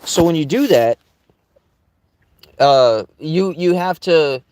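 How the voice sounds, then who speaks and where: A man recounts a personal story in a rambling, blunt way, swearing often and tripping over his own sentences. His voice sits a touch higher than most men's. The sound is dry and close, with no room around it. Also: expressive, slow pace, darkish tone, clean tone, no room sound. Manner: blunt, profane, rambling with restarts. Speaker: vlogger. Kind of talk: casual storytelling.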